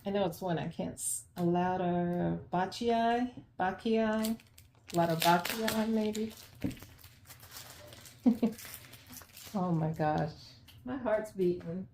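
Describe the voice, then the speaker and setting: Gushy lady opening a plant box at home, slow talk, echoey room, keeps laughing. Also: on the low side, gravelly, background noise. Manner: excitable, gushing, laughs often. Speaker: plant vlogger. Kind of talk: unboxing vlog. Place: home, unpacking at the sink.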